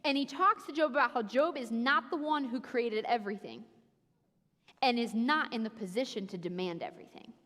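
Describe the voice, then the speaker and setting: A woman giving a sermon as preacher, telling the story in an animated way and acting out the voices she quotes. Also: on the high side, fairly quick. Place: church sanctuary. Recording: reverberant church hall.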